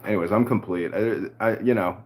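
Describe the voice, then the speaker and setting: A man's voice: fairly low pitch, fairly quick. A man hosting a political podcast, talking in a heated, crude rant. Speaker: podcast host.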